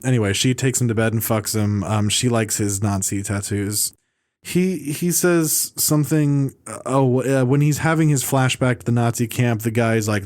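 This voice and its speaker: A man's voice: medium pitch, normal speed, a little mellow. A man hosting a casual film podcast, rambling through reviews with restarts, fillers and mocking asides. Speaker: podcast host.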